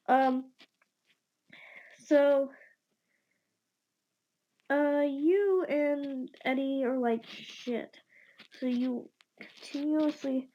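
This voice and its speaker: A woman's voice: high-pitched, darkish tone. A young woman casually improvising a fan story, rambling and stumbling with many fillers and some whispered asides. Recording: dull lo-fi recording.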